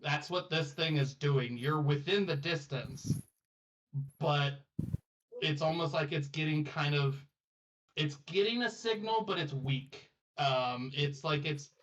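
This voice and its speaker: Slow-talking, laughing game master. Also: male voice, fairly high pitch, fairly bright tone, recorded from a distance, lo-fi sound. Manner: laughs often, loose and rambling. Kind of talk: narrating a tabletop game.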